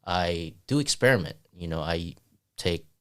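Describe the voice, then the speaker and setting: A man with a fairly low voice co-hosts a podcast in relaxed, casual chat. He stumbles, restarts his sentences, and drops casual swears as he works through his ideas. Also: moderate pace, clean tone. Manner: laughs often while talking. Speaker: podcast co-host.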